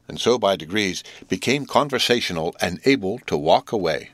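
A male audiobook narrator reading in a steady, measured way. His voice sits low. The recording is dry and close, with no room echo. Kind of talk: scripted narration.

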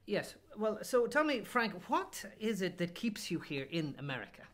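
Brief: man as an earnest interviewer, slightly high voice, hesitant and placating. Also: big pitch swings, normal speed, a bit bright. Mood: polite. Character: earnest polite male interviewer. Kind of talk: comedy sketch, mock interview.

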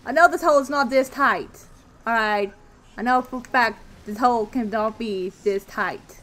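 A woman giving let's play commentary on a game she is playing, excitable, with loud exclamations, gasps and casual swearing. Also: on the high side, moderate pace, slight background noise. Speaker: gaming video creator. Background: faint game music.

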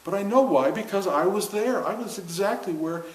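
A man's voice: high voice, normal speed. An older man giving an informal spiritual talk to a class, earnest and conversational, often laughing as he speaks. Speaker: spiritual teacher. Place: room with a seated audience. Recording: roomy echo with faint hiss.

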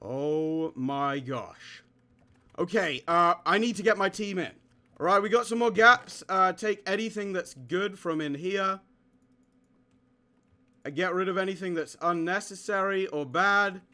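A young man giving excitable live commentary on his game, often laughing and shouting during fights, with keyboard typing behind him. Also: high voice, normal speed. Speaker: gaming YouTuber.

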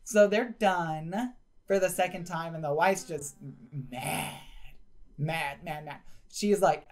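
A woman's voice: fairly low pitch, slow pace, a little mellow. A young woman casually telling a story over her game play, rambling with lots of "like". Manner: rambling, heavy use of "like". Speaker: gaming video host.

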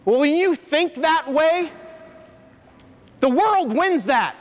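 High-voiced man telling a confessional story. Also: animated. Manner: earnest, halting, confessional. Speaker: motivational speaker, former coach. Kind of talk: emotional personal storytelling to an audience. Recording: long hall reverb.

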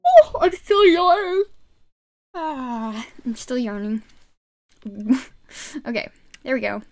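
A woman's voice: sits high, expressive, slow, darkish tone. A woman streamer chatting and giggling through casual gameplay commentary, talking to her viewers from a desk microphone at home. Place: home gaming setup.

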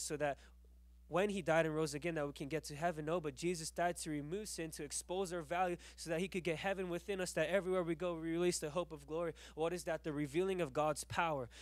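High-voiced man preaching fervently. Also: no room sound. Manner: storytelling that builds to fervent exhortation, repeating phrases. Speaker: preacher teaching a class. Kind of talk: sermon with testimony. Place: church class room.

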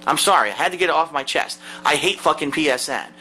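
A man with a high, bright voice rants to camera from his seat at home, swearing in nearly every sentence. His pitch leaps around with heated exasperation. The tone is that of a profane gaming-video tirade. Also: lively intonation, fast talker, faint music behind, rough recording. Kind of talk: angry profane rant to camera. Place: seated indoors at home.

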